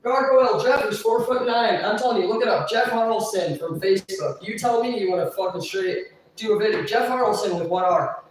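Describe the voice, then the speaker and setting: A woman's voice: medium pitch, recorded from a distance, slight background noise. A woman livestreaming, venting in a long profane rant, a little tipsy. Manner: profane, agitated, rapid venting. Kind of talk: ranting livestream storytelling. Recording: echoey room, voice off-mic.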